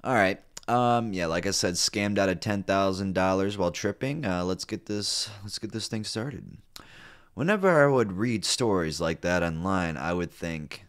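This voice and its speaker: Low-voiced guy reading a story out loud, keeps cutting in with sarcastic jokes and lots of ums. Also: normal speed, clean tone. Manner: playful, sarcastic, many fillers. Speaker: host reading and reacting to online stories. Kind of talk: casual read-aloud with joking asides.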